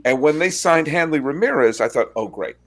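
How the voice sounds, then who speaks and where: A man hosting a sports podcast, chatting casually and telling wry stories with quick asides. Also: on the high side, expressive, fairly bright tone. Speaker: podcast host.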